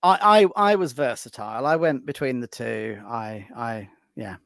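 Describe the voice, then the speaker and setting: A man's voice: mid-range voice, moderate pace, gravelly, no room sound. A man, a podcast guest and author, telling anecdotes in casual chat, restarting his sentences as he goes. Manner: lively storyteller with frequent restarts.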